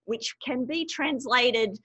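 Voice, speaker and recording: A woman's voice: high-pitched, slow pace, fairly bright tone, breathy edge. Earnest Australian woman guest. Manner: earnest, heartfelt, laughs easily. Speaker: guest author and speaker. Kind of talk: podcast interview.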